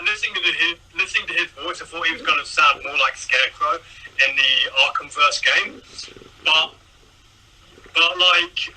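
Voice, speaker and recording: A young man co-hosting a casual movie review chat, wandering through trivia with many pauses and restarts. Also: fairly high pitch, sharp tone, poor audio.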